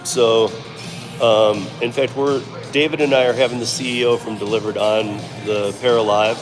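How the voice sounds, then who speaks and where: A man's voice: medium pitch, steady tone, moderate pace. A middle-aged man from Michigan with a Michigan accent, chatting casually on a live stream while driving, rambling and restarting his sentences. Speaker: delivery driver livestreamer. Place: inside a vehicle. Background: music playing.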